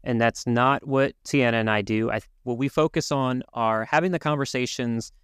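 Male podcast co-host, even mid pitch, earnest and measured, dry close sound. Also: smooth, dry recording. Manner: earnest, measured, some restarts. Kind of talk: casual podcast chat.

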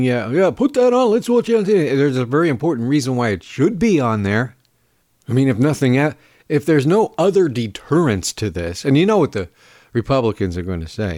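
A man in the middle of his pitch range gives sarcastic, indignant political commentary. He pauses often with fillers. The recording is dry and close, with no room sound. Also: no room sound. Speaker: podcast host.

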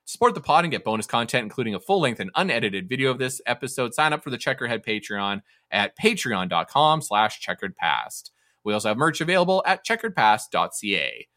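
A man's voice: mid-range voice, big pitch swings, brisk, sharp tone, dry recording, clean studio sound. A man hosting a podcast in casual chat, upbeat and thankful as he runs through the sign-offs. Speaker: podcast host.

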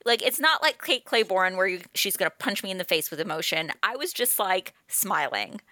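A woman's voice: mid-range voice, expressive, moderate pace, sharp tone, no echo, clean studio sound. A woman co-hosting a book podcast, talking in a joyful, giggly, enthusiastic way. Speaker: podcast co-host. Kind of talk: casual chat.

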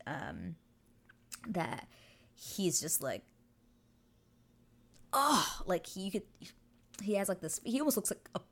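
Young woman, low-pitched and animated, gushing casual recap with swearing. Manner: gushing, excitable, swears freely. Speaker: TV episode recap host.

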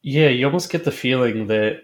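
A man co-hosting a podcast in casual chat, halting and repeating filler words as he thinks aloud. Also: medium pitch. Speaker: podcast co-host.

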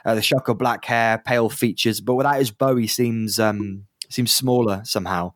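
A man's voice: fairly low pitch, fairly even intonation, moderate pace, no echo, clean studio sound. A man narrating as game master, rambling with lots of fillers and restarts.

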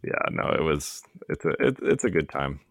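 A man co-hosting a casual podcast chat, relaxed and self-deprecating, with plenty of fillers. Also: rumbling low, normal speed, gravelly, dry recording, studio quality. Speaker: podcast co-host.

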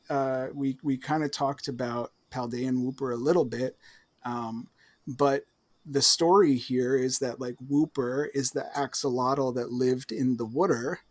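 A man with a New Jersey accent, co-hosting a podcast and chatting enthusiastically, with lots of fillers. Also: mid-range voice. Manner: enthusiastic, filler-heavy explaining. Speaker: podcast co-host. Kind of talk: casual chat.

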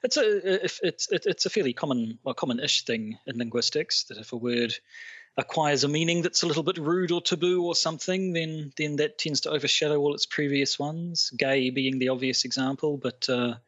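A man's voice: a little high, moderate pace, fairly bright tone, no echo, muffled recording. A man hosting a podcast in a playful, teasing, rambling way. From Britain. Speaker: podcast host. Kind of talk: casual podcast chat.

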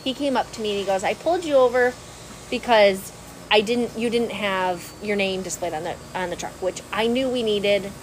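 A woman telling a long story in casual podcast chat, animated and laughing often. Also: medium pitch, moderate pace, a little hiss or hum, rough recording. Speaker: podcast co-host.

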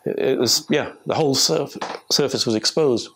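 A man's voice: mid-range voice, moderate pace, gravelly, fairly bright tone, slight background noise. An older English man, an archaeologist, giving a rambling, anecdotal illustrated talk to a live audience. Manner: rambling, anecdotal, with restarts and chuckles.

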